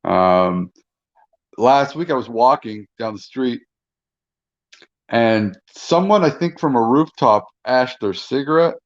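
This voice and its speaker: A man's voice: mid-range voice, expressive, slow, long pauses, lo-fi sound. A man telling a story as a guest on a casual livestream chat over a video call, swearing and exaggerating as he goes.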